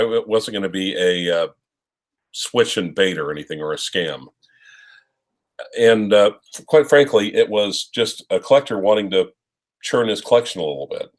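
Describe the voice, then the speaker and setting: Low-voiced man giving rambling advice. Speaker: co-host of a watch live stream. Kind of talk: casual live-stream chat.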